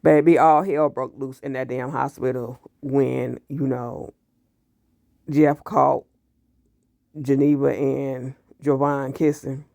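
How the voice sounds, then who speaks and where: A man recapping a TV series episode in casual, animated commentary, blunt and full of profanity. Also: medium pitch, slow pace, creaky, no room sound, clean studio sound. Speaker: TV show reviewer.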